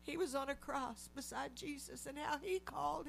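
A middle-aged woman preaching a testimony sermon, animated storytelling that acts out the voices she quotes. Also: sits high, normal speed, vocal fry, faint music behind. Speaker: lay preacher.

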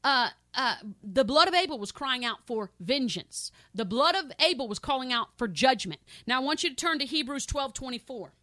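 A woman preaching a sermon with fervent, repetitive emphasis, swinging between loud exclamations and soft pleading prayer. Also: high voice, animated, normal speed, few pauses, no echo, studio quality. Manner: fervent, repetitive, addresses listeners as saints.

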